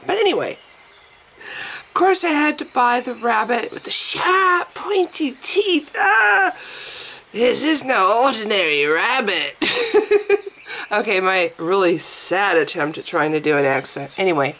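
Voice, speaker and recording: A woman's voice: medium pitch, gravelly, fairly bright tone, slight background noise. A woman talking casually and candidly to camera at home in a rambling vlog, with restarts and self-deprecating asides. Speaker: video blogger.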